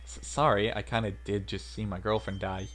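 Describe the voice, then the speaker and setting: A man's voice: lowish voice, level tone, moderate pace, fairly bright tone, a little hiss or hum. A man streaming a game playthrough, chatting casually and making self-mocking jokes. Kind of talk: casual let's-play commentary.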